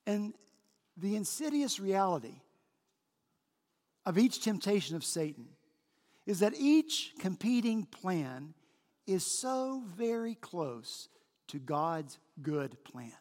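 Emphatic high-voiced male pastor, hall reverb. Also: big pitch swings, darkish tone. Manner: emphatic preaching, slow stressed phrases. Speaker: senior pastor. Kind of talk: sermon. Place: large church sanctuary. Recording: long church hall reverb.

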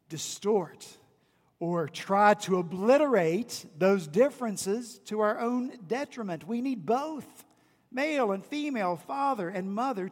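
A man's voice: sits high, long reverb tail. A male pastor preaching a sermon, repeating phrases and asking the congregation rhetorical questions. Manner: emphatic, repetitive preaching cadence with rhetorical questions. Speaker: senior pastor. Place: church sanctuary.

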